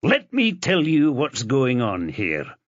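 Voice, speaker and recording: A man voicing a furious, blustering male police boss who scolds and shouts. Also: medium pitch, huge pitch swings, takes it slowly, dry recording, muffled recording, voice pushed up.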